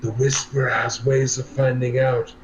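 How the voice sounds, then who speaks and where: A man voicing a stern adventurer who speaks gravely and firmly. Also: mid-range voice, flat delivery, a little hiss or hum, close to an everyday voice. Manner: grave, measured. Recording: echoey room.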